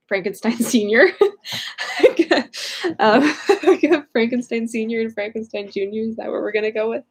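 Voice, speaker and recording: Chatty, scatterbrained young woman reading. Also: a little high. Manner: chatty, scatterbrained, with frequent fillers. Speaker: reader of a novel. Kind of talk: casual chapter recap and reading aloud. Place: home room.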